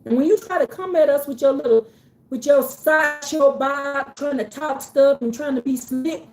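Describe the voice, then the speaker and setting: High-voiced woman giving a fired-up faith talk. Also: moderate pace, echoey room, soft background music. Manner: animated, repetitive, preachy, slangy. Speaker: faith community speaker. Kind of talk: casual religious pep talk to a group.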